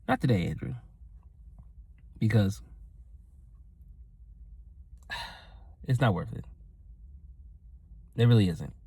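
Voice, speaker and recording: Guy rambling thru a positivity pep talk, kinda low voice, earnest, does little voices for people in his story. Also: breathy edge, no room sound. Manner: rambling, earnest, addresses "ladies and gentlemen"; acts out quoted voices in his stories. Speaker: motivational vlogger. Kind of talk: casual motivational talk.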